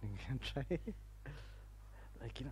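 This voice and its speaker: Speaking slowly over background noise, a Buddhist monk from Sri Lanka gives an English Dhamma talk with a Sri Lankan accent; his first language is Sinhala. The live audience sits in a university campus hall. His informal, chatty guidance through relaxation is full of laughter and restarted phrases.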